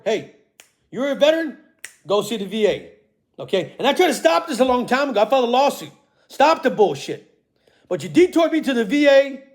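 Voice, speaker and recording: A man delivering an angry, profane, accusatory monologue, swinging between shouting and low muttering, tagging lines with "okay?" and "all right?". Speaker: vlogger.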